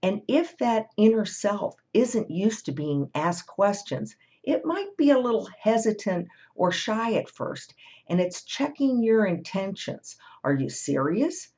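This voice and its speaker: A woman hosting a gentle, reflective talk that guides listeners through an inner-listening exercise, sometimes acting out quoted thoughts. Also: mid-range voice, big pitch swings, unhurried. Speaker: host of a guided listening series. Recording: dull lo-fi recording.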